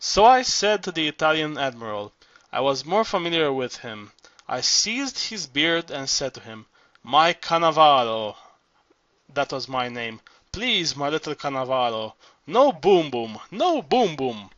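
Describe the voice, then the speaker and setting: A man's voice: a little high, big pitch swings, a little slow, a bit bright, no room sound. A male audiobook reader voicing an aging, vain former cabaret singer who boasts theatrically, on a dull, dry recording. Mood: boastful.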